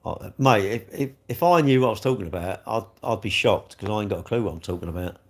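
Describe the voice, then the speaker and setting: A man's voice: fairly low pitch, expressive, fast. A man, hosting a live stream and rambling jokily as he answers viewers' comments. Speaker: livestream host reading chat. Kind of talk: casual live chat.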